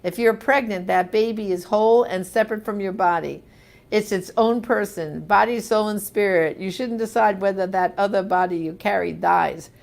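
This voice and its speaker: A woman's voice: mid-range voice, moderate pace, gravelly. Woman hosting a live q&a, reads comments, super emphatic and chatty, gets all worked up. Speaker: host answering viewer comments. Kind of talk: live question-and-answer chat.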